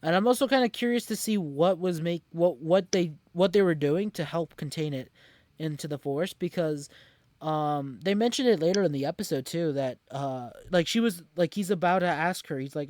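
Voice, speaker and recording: Co-hosting a casual podcast, a man recaps an episode in a rambling way, full of fillers and restarts. His voice sits on the high side and is slightly mellow, at a moderate pace. The recording is dry.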